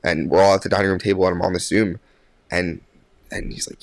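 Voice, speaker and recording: A young man tells a story as a podcast guest, in a voice a little lower than most. He rambles with plenty of fillers and restarts. The sound is dry and close. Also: a little fast, dry recording. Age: young adult. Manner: animated when quoting others. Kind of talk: casual storytelling.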